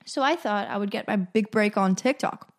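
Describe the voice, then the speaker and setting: Young woman, solo podcast host, chatty, jokey, laughs often, average pitch. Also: normal speed. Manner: chatty and self-amused, laughs at own jokes. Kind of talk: casual solo podcast monologue.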